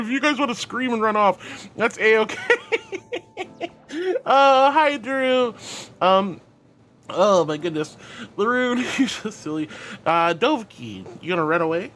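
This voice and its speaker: A woman's voice: mid-range voice, expressive, a little slow, pauses often, fairly bright tone, soft background music. A woman streamer chatting casually and affectionately with her viewers, calling them sweetie and honey, often giggling. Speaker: VTuber streamer. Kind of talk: casual livestream chat.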